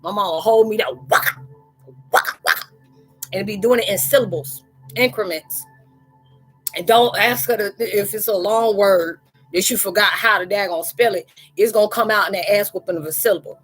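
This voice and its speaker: Animated laughing woman telling stories. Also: medium pitch, fairly quick, breathy edge, soft background music, poor audio. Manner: animated, laughing, slangy, acts out quoted voices. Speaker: live chat host. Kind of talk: casual storytelling chat.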